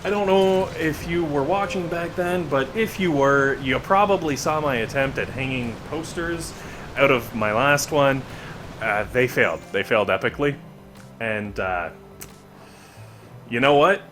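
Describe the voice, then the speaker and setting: A man's voice: mid-range voice, measured pace, music in the background. A man giving casual, rambling gameplay commentary with joking asides. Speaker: gaming video creator.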